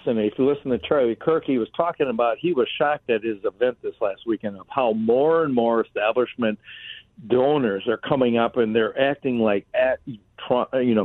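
A man's voice: medium pitch, no echo. A man co-hosting a political talk radio show, rambling and restarting his sentences in casual chat. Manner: rambling, restarts sentences, frequent "you know". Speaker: radio co-host. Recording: tinny phone-like radio line.

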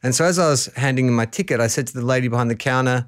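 A man's voice: mid-range voice, very fast, clean tone. An Australian man, a podcast guest, telling stories in casual chat and laughing often. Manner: animated storyteller, laughs often.

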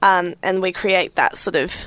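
A woman's voice: lowish voice, normal speed, clean tone, dry recording. A young woman co-hosting a casual podcast chat, teasing and laughing often. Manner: giggly, animated, teasing. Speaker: podcast co-host.

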